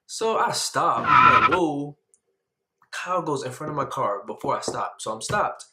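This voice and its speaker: A young man telling a dramatic story, his voice jumping high when he gets excited. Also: normal speed, echoey room. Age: young adult. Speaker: vlogger. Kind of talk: animated story time.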